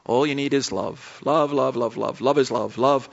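A man's voice: medium pitch, normal speed, vocal fry. Man preaching in a lo-fi recording. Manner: conversational storytelling with asides. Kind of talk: sermon. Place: church camp gathering. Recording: dull lo-fi sermon recording.

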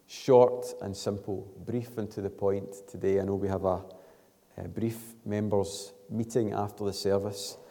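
Male pastor, low mellow voice with a slight strain, earnest sermon, long church reverb. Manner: earnest, building to emphatic peaks then dropping soft. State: struggling voice.

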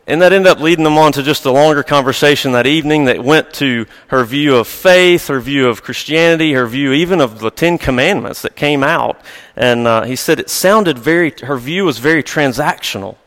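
A male pastor with a mid-range, fairly bright voice preaches at a moderate pace, animated and conversational, telling stories with light chuckles. He was recorded in a church sanctuary, and the large hall adds long reverb.

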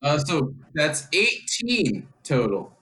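A man takes his turn in a tabletop game, talking slowly and hesitantly. His voice sits a little high. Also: wildly swooping pitch, sharp tone. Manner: unhurried, hesitant.

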